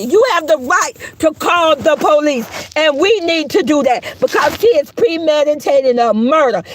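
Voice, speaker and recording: A woman's voice: high-pitched, husky, no echo. A middle-aged woman giving heated, profane, preachy live-stream commentary, mocking the people she talks about.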